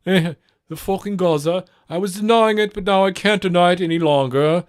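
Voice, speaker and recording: A man's voice: sits high, a little fast, clear, resonant tone, voice pushed up, natural voice. A man voicing a mocking, blustering British pundit in a put-on British accent, overemphasizing every word.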